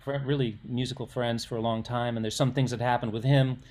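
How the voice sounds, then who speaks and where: A man's voice: mid-range voice, level tone, brisk, darkish tone. Man in his sixties telling rambling stories. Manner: rambling, self-interrupting anecdotes with acted quotes. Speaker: musician guest. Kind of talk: casual storytelling interview.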